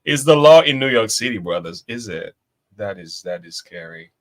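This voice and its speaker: A man's voice: medium pitch, expressive, moderate pace. A man co-hosting a casual reaction chat, agreeable and quoting scripture. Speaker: co-host.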